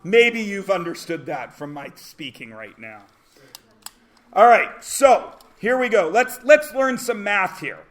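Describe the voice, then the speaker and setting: A man teaching a math class, lecturing with loud jokes and rants that break into shouts. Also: high-pitched, big pitch swings, takes it slowly.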